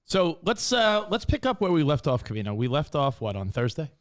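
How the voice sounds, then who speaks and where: A man co-hosting a radio talk show who talks quickly and with a lot of swing in his pitch. His banter is animated, and he laughs easily.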